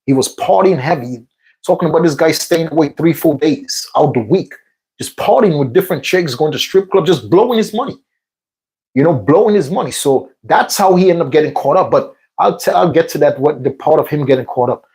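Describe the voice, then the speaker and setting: A man's voice: a little high, lively intonation, brisk, darkish tone, poor audio. A man casually telling a rambling personal story between workout sets, repeating himself and filling in with fillers. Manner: rambling, repetitive retelling with many fillers. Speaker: vlog host.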